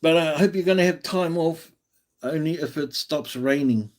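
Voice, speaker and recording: A man's voice: on the high side, normal speed. An Australian man hosting a live stream, chatting casually and encouragingly, often restarting his sentences.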